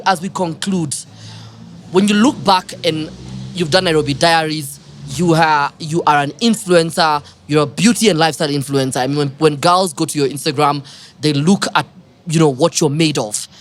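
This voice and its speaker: A woman with a South African accent hosting a podcast interview, chatty and teasing, with frequent laughter. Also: low voice. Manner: bubbly, laughs often, teasing. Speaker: podcast host. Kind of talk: casual interview chat.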